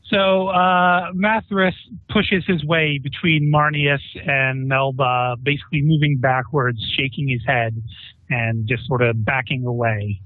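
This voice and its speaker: A man running a tabletop game, narrating scenes and asking players what they do, in a relaxed, chatty way. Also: medium pitch, unhurried, dry recording. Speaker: game master. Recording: tinny phone-like online call.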